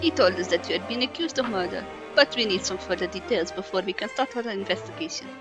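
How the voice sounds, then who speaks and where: A woman's voice: medium pitch, fast, over music, lightly acted. A woman voicing a dry, sarcastic lawyer in her own plain voice while reading a game's lines.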